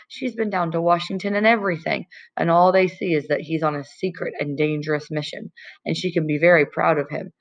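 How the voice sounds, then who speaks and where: A tearful teenage girl, as a woman reads her part, speaks in a shaky, self-doubting voice. Her pitch lifts a little above the reader's own. It comes through a slightly dull recording. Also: lightly acted.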